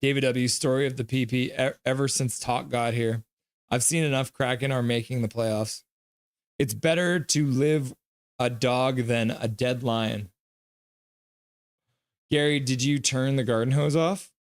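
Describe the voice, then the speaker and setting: A man's voice: mid-range voice, steady tone, a little slow. A man hosting a live hockey reaction stream, reading viewer comments aloud by name and calling bits of the play. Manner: reads viewer chat aloud by name, mixed with loose play-by-play.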